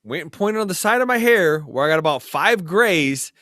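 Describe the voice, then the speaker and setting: A man's voice: sits high, animated, moderate pace, sharp tone, no echo, studio quality. A man co-hosting a podcast, joking in casual banter. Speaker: podcast co-host.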